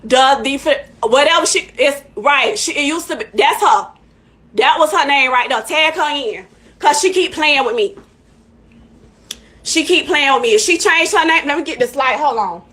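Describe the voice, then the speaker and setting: A woman's voice: sits high, animated, normal speed, fairly bright tone. A woman hosting a live stream in casual chat, heated and emphatic, repeating her points. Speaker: livestream host.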